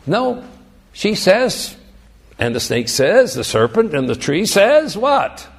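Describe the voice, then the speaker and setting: A man preaching a sermon, animated and emphatic, teaching through rhetorical questions. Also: sits high, takes it slowly, husky.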